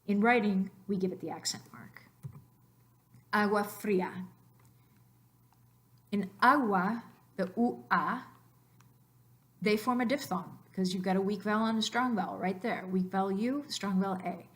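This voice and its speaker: A woman teacher narrating a slide lesson, explaining patiently step by step and repeating words slowly. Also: mid-range voice, fairly bright tone. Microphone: voice-over on computer mic.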